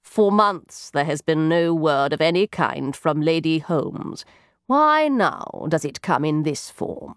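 A woman's voice: sits low, sing-song, slow pace, dry recording, studio quality, exaggerated voice. A woman reading the lines of a proud, clipped male detective in an assured tone. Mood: musing.

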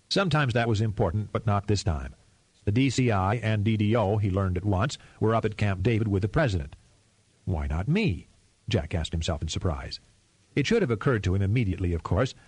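A man reading a thriller novel aloud as narrator, in a steady, measured reading. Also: fairly low pitch, breathy edge, dry recording. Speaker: audiobook narrator. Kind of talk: scripted narration.

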